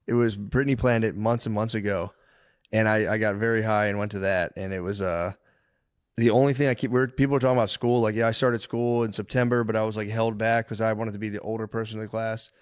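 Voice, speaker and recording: A man's voice: fairly low pitch, fairly even intonation, quick pace, smooth, no room sound, studio quality. A man on a comedy podcast, telling crude, rambling stories in a casual chat and laughing at his own jokes.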